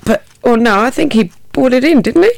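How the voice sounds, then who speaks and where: High, lively radio host. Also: male voice, brisk, vocal fry, no room sound. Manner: laughs often, chatty and amused. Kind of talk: casual radio chat.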